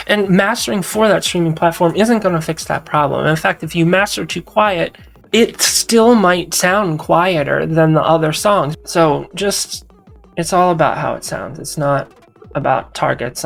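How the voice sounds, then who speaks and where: A woman who is a musician and mastering engineer answers viewer questions in a casual solo Q&A, speaking frankly, swearing, and rambling through restarts. Her low, gravelly voice moves at a normal speed over soft background music.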